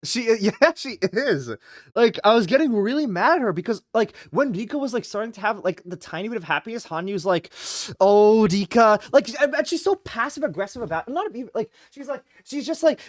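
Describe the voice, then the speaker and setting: Animated, rambling streamer with a dry close mic. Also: mid-range voice, dry recording. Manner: animated and rambling, full of "like" and quick laughs. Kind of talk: casual live-stream chat while reading a visual novel aloud.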